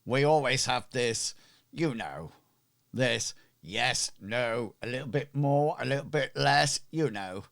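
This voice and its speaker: A man's voice: mid-range voice, animated, slow pace, vocal fry, fairly bright tone, full character voice. A man voicing an easygoing male ship's quartermaster who enjoys haggling. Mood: amused. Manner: breezy, bargaining.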